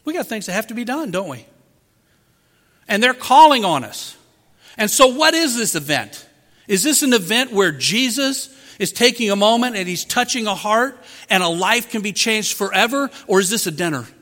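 A man's voice: high voice, lively intonation, normal speed, pushed and bright. A man preaching a sermon as pastor, asking rhetorical questions and acting out quotes. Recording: long hall reverb.

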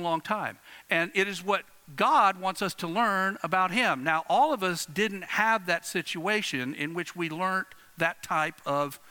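Bright-voiced preacher man in echoing hall. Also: high voice. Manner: storytelling with repeated phrases and long pauses; dramatic swings from hushed to loud. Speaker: pastor. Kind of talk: sermon. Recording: long reverb of a large hall.

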